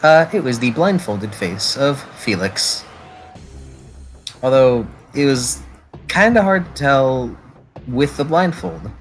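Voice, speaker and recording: A man narrating a tabletop role-play game as its game master, describing scenes with fillers and quick self-corrections. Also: mid-range voice, expressive, low-quality recording. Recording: faint background music.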